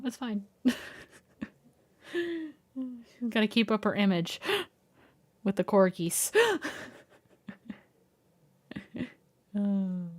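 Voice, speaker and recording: Giggly young woman chatting on stream. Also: on the low side. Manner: giggly, laughs often between sentences; soft, coaxing voice when calling her dog. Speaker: live streamer. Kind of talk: casual livestream chat. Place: at home.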